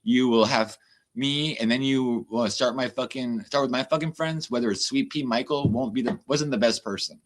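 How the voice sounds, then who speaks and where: A man hosting a livestream, ranting in a casual, heated way with lots of swearing and exasperated asides. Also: medium pitch. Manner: profane, fast-shifting, exasperated. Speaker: livestream host.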